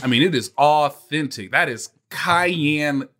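A man co-hosting a casual sports podcast, telling stories in an animated, laughing way. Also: fairly high pitch, takes it slowly. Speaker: podcast co-host.

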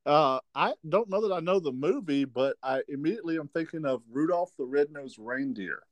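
A man's voice: fairly high pitch, lively intonation, brisk, dry recording. A man co-hosting a podcast in casual chat, wry and teasing, laughing often. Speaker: podcast co-host.

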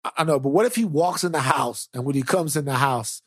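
A man co-hosting a podcast in a casual comedic chat, telling lively stories and acting out voices. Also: medium pitch, fast talker, husky, dry recording, clean studio sound. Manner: animated storyteller, acts out voices. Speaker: podcast co-host.

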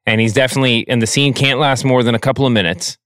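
A man's voice: medium pitch, fairly even intonation, quick pace, a bit bright, clean tone, no echo, studio quality. A man hosting a casual podcast chat, rambling and trailing off as he talks things through. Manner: rambling, trails off, acts out scenes. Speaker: podcast host.

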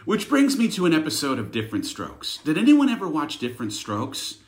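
A man co-hosting a casual chat, making joking, deadpan asides. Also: on the high side, brisk. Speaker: podcast co-host.

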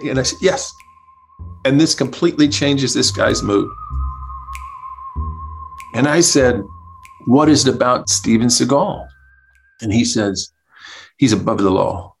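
A man telling a comic anecdote as a podcast guest, animated, acting out the people he quotes and laughing as he goes. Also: mid-range voice, a little slow, creaky, long pauses, soft background music. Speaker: guest storyteller, comedy writer. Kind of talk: casual anecdote.

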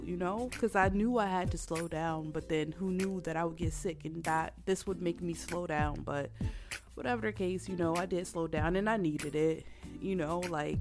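A woman hosting a casual solo podcast while sick and coughing, candid and rambling, laughing often and calling her listeners y'all. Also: mid-range voice. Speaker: podcast host.

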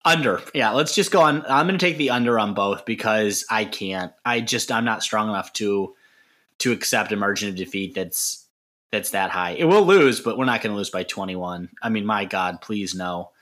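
A man's voice: fairly low pitch, moderate pace. A man co-hosting a casual sports podcast, joking and getting worked up as he answers listener questions. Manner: animated, joking, worked-up rants. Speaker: podcast co-host.

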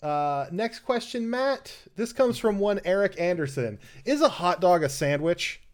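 A man's voice: high voice, lively intonation, normal speed. A man co-hosting a casual podcast, reading out listener questions in a rambling, enthusiastic way. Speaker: podcast co-host. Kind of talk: casual chat.

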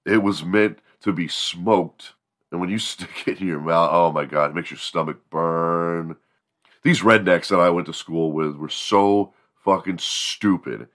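A man with a very low voice and a bright, forceful edge hosts a morning show. He tells comedic stories in a rambling, profane, animated way. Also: measured pace. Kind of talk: comedic storytelling.

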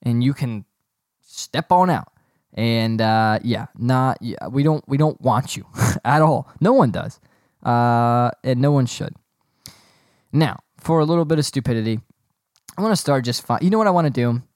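A young man talks straight into a close mic in a dry, deadened room, his voice sitting at an ordinary middle pitch. He rambles through a casual solo podcast rant, sarcastic and full of restarts. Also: normal speed, a little mellow, no room sound. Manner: rambling, sarcastic, breaks into giggling fits. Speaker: podcast host.

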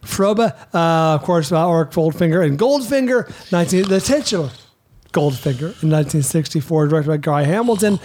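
A man's voice: on the high side, expressive, fairly quick, mellow. A man co-hosting a casual film podcast, talking through his ranked list in a playful, rambling way. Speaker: podcast co-host.

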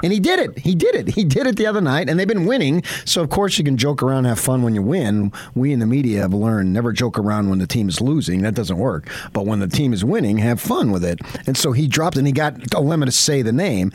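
Radio host guy, middle pitch, goes on and on, dry booth sound. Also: lively intonation, fast, hardly any pauses, darkish tone, slightly rough, dry recording. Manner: enthusiastic, rambling storyteller. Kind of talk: casual sports radio talk.

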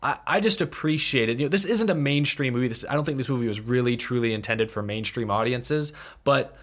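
A man's voice: medium pitch, brisk, a bit bright. A man co-hosting a casual film review chat, rambling and hesitant, with many fillers and restarts. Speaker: podcast co-host.

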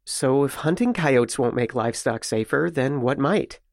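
A male radio reporter narrates a scripted feature in a measured, steady voice. His voice sits mid-range, and the close mic gives a dry, dead studio sound. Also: medium pitch, no room sound. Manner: measured, even storytelling delivery.

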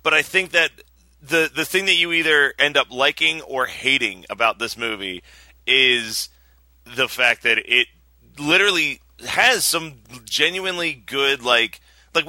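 A hoarse man hosting a casual movie chat, rambling and laughing often. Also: mid-range voice, sharp tone, no echo.

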